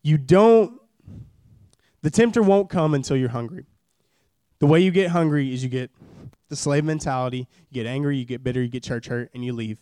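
A man's voice: medium pitch, normal speed, mellow, smooth, no echo, clean studio sound. A young man in his twenties preaching a sermon at a church service, in a casual, joking way that repeats phrases for emphasis.

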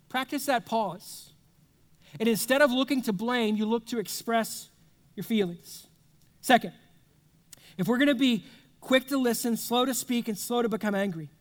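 A pastor preaching a sermon in a conversational way, acting out little back-and-forth dialogues as he teaches. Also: extremely high pitch. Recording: long reverb of a large hall.

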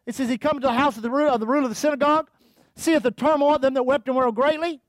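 Fervent high-voiced male preacher. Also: steady tone, racing, dry recording. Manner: fervent, calls out to the congregation; reads scripture aloud. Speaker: pastor. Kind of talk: sermon.

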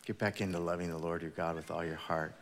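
A man preaches a relaxed, conversational sermon, his voice sitting on the low side. He retells scripture as casual storytelling in everyday words. A long reverb trails after him, as in a large church hall. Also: quick pace, a little hiss or hum. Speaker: pastor.

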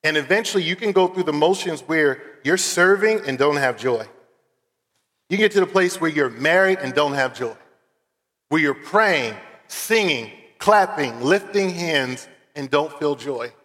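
A man's voice: a little high, lively intonation, a little slow, fairly bright tone. A man from Philadelphia preaching a sermon as a guest preacher, earnest and conversational, with casual fillers as he tells stories. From Philadelphia, USA. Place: church sanctuary. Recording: long church hall reverb.

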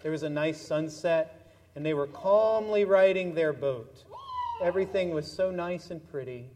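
Brief: man with a slightly high voice, animated children's storyteller in church, long reverb from the sanctuary. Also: moderate pace, a little hiss or hum. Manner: animated storytelling with toys, playful. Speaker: pastor leading a children's message.

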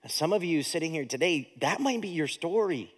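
A man preaching a sermon as pastor, in a lively, conversational way that mixes jokes and acted-out voices into his teaching. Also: on the high side, normal speed, breathy edge.

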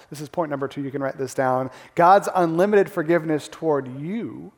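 A male pastor preaching a sermon, animated, acting out the crowd's gasps and the characters' lines. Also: on the high side. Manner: animated, acts out gasps and quotes. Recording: long hall reverb.

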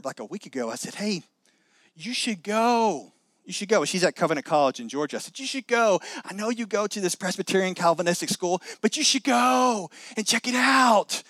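Middle-aged guy preaching, animated, lots of restarts, dry sound. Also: fairly high pitch, no echo. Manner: animated, acts out quoted voices, many restarts. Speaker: pastor. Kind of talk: sermon.

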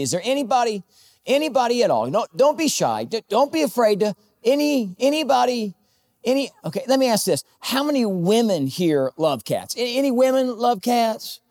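A man's voice: high-pitched, darkish tone. Man preaching a conversational sermon. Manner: conversational preaching with jokes and a personal story. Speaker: pastor.

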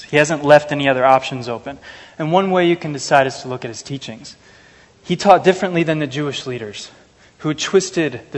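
A man preaching an earnest, measured sermon to a congregation, reading scripture and telling everyday stories. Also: medium pitch. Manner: earnest, measured, anecdotal asides. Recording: long hall reverb.

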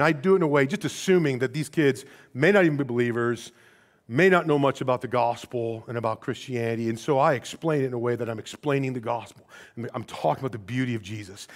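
A middle-aged man preaching a sermon in a casual, animated storytelling way, dropping to quiet asides and rising for emphasis. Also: mid-range voice. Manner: conversational, casual phrasing with restarts.

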